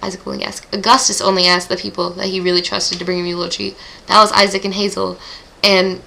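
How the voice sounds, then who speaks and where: A woman's voice: fairly low pitch, little pitch movement, quick pace, creaky, pushed and bright, low-quality recording. A teenage girl recapping book chapters in a casual vlog, gushing and emotional, with groaning sighs. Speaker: book club vlogger.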